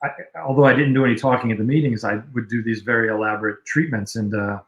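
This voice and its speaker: A man in casual conversation, recounting old stories in a relaxed, rambling way, with fillers. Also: medium pitch, fast, lo-fi sound. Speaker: guest, music video director. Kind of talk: casual storytelling on a livestream. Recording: roomy echo.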